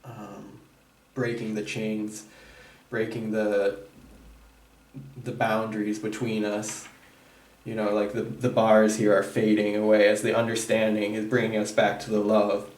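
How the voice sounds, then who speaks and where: A man gives an intuitive tarot reading in a searching, halting way, often breaking off and restarting. His pitch stays fairly level. He sits some distance from the microphone in a roomy, echoing space. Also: monotone, darkish tone. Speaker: tarot reader. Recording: roomy echo, distant mic.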